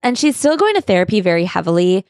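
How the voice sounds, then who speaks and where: Woman with a lowish voice, casual, swears, reads book bits out loud, dry close mic. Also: sing-song, quick pace, no room sound. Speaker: podcast co-host. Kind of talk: casual chat recapping a memoir.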